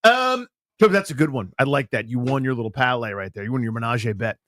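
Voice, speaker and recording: A man's voice: mid-range voice, fast talker, no room sound. A male sports radio host telling stories in casual, playful banter into a studio mic. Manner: playful, storytelling, animated.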